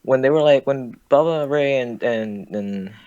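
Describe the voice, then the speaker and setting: A young man calls in to a live show and chats casually and hesitantly, full of fillers and casual swearing. His medium-pitched voice is darkish and clean, his pace measured, though the call audio is dull and lo-fi.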